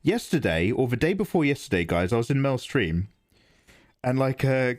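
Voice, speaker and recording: A man streaming live art who chats casually with viewers in a rambling, animated way and often laughs. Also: mid-range voice, moderate pace. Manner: animated, rambling, laughs into his own impressions. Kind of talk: casual livestream chat.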